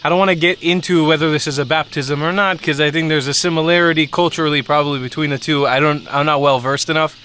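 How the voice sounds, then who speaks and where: With music running under his voice and a little hiss or hum in the audio, a young man vlogs to his camera out in the countryside, casual and candid, with the occasional swear word. He talks fast with few pauses, in a slightly high, steady voice that sounds pushed and bright.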